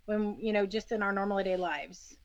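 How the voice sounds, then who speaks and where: A woman's voice: medium pitch, fairly even intonation, moderate pace. A woman guest on a casual podcast, speaking earnestly and repeating for emphasis. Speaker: guest team member. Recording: dull lo-fi sound.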